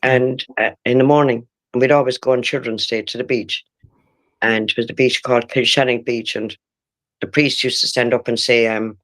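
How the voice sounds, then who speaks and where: A woman in her sixties with an Irish accent, giving halting, emotional personal testimony in an interview and often breaking off and restarting. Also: rumbling low, fairly even intonation, fairly bright tone. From Ireland. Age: 60s.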